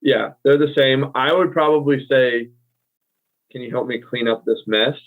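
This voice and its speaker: A man's voice: mid-range voice, steady tone, normal speed. An American man co-hosting a casual language chat, explaining things in a laid-back way with lots of fillers and easy laughs. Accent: General American. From United States. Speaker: co-host. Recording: tinny phone-like line.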